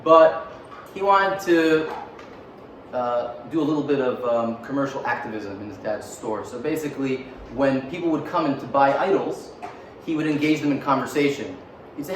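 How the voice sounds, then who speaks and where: A man's voice: medium pitch, normal speed, slight background noise. A man telling a story in a casual, joking way, with frequent fillers and offhand asides. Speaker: teacher. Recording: roomy echo, mic far off, faint ambience.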